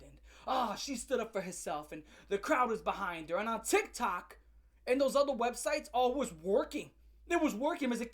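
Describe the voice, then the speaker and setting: A woman ranting on camera in a comedic commentary. Her voice sits a little high, and she talks in a sarcastic, foul-mouthed, mocking way. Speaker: online commentary host. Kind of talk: comedic rant.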